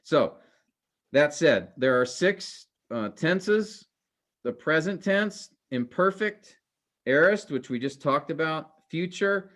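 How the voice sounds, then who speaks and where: A man teaching a class, halting with many fillers and restarts, his voice trailing off quieter at the ends of phrases. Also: a little high, lively intonation. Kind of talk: classroom lecture.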